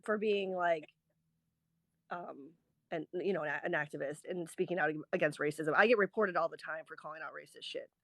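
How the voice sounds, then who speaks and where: A woman chatting casually as a guest on a live video call, talkative and quick to laugh. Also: sits low, dry recording. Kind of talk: casual chat.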